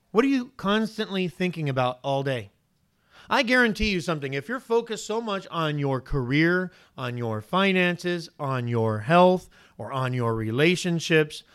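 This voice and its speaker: Male pastor, sermon, rhetorical questions, slightly high voice. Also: fairly bright tone, clear, resonant tone. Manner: preaching with many rhetorical questions.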